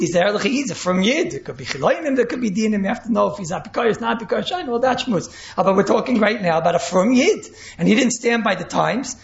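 A male rabbi teaches an animated Torah class and acts out what people say. His voice sits high and carries a gravelly edge. The recording is roomy and echoey, with a muffled, lo-fi sound. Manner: animated, acts out quotes, mixes in Yiddish and Hebrew terms. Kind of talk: Torah class on speech ethics. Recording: echoey room, dull lo-fi sound.

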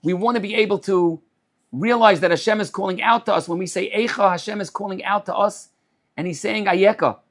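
A man giving a Torah sermon as a rabbi. He speaks in a measured way, repeats phrases and weaves in Hebrew terms. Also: high-pitched.

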